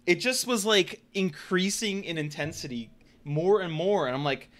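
A man streaming and telling a story to his chat in a casual, animated and profane way. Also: on the high side, moderate pace. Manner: animated, profane, emphatic retelling.

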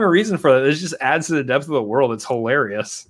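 A man co-hosting a casual movie podcast, relaxed and enthusiastic, telling stories at length with many fillers. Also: medium pitch, fast talker, few pauses. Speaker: podcast co-host. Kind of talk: casual chat.

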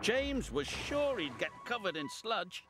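Man reading a kids' train story, slow, voice swooping up and down, music under it. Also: sits high, background noise. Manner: very animated, sing-song storytelling. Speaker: narrator. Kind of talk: storybook narration. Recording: music playing behind.

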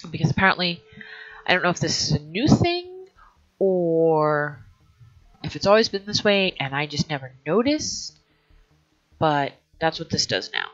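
A woman's voice: low voice, fairly bright tone. A woman hosting a let's play, thinking aloud in a hesitant way and often trailing off mid-sentence. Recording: dull lo-fi recording.

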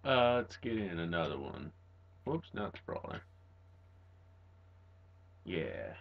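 A man chats casually to himself while he plays a fighting game. His voice is very lively, leaping up when he gets excited before dropping back to a mutter. The recording sounds dull and lo-fi. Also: low voice, slow pace, creaky. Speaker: gamer playing a fighting game. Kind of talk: casual gameplay commentary.

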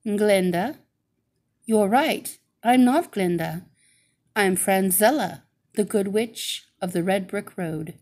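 A woman voicing a kindly good witch who explains things calmly and slowly in a storybook reading. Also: medium pitch, close to an everyday voice.

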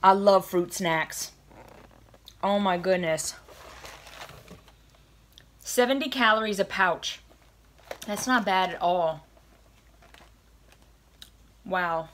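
A young woman chatting in a gushing, excited way while unboxing snacks for her viewers. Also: mid-range voice, drawn-out words, pauses often, a little hiss or hum. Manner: gushing and chatty, lots of oh my goodness. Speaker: vlogger unboxing a snack box. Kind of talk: casual chat.

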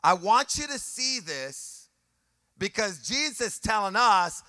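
A male pastor delivers an impassioned sermon in a high, bright, ringing voice. He repeats phrases for emphasis and lifts his lines into a sung, rhythmic preaching cadence. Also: very animated, takes it slowly, no echo, studio quality.

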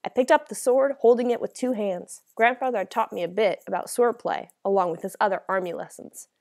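A woman's voice: mid-range voice, a little fast, vocal fry, a little mellow. A woman narrating a first-person novel as an audiobook, reading in a dramatic, emotional way.

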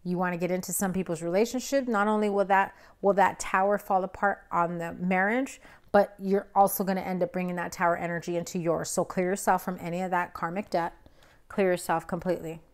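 Young woman tarot reader, slightly low voice, blunt and emphatic, casual chatty delivery. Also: fairly even intonation, fairly quick. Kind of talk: casual tarot reading to camera.

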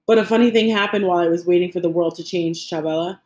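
A woman's voice: on the low side, quick pace, a little mellow, echoey room, natural voice. A woman reading an audiobook voices an old Cuban grandfather who is haunted by guilt, speaking earnestly and with grief. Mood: calm, resolved. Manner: earnest, pleading, grief-stricken.

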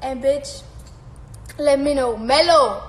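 Speaking slowly in a high register, this teenage girl hangs out on her live stream, responding to fan comments in a relaxed way. She laughs a lot and doesn't hold back on swearing. There's a slight echo in the room and some faint background noise.

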